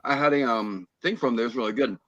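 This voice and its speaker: A man's voice: medium pitch, quick pace, fairly bright tone, no echo, highs cut off. A man telling a rambling story as a guest on a podcast, full of fillers and restarts. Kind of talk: casual chat on a call.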